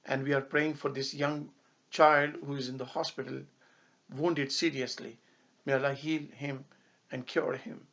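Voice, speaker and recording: A man's voice: medium pitch, little pitch movement, unhurried, a bit bright. A man speaking as an imam, giving a public statement with impassioned emphasis and stretches of solemn prayer. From Canada. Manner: impassioned, rising to angry emphasis.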